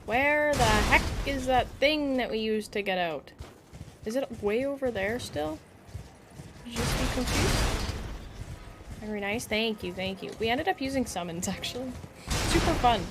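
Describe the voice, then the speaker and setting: A woman's voice: fairly high pitch, expressive, moderate pace, heavy background noise. A woman streamer chatting casually and playfully while she plays a video game. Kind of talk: casual gaming stream chat.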